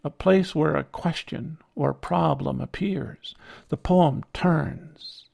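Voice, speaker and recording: Older guy narrating a thoughtful memoir piece, super gravelly, slow and measured, pitch a bit higher than most men. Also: a little mellow. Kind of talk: reflective personal essay narration.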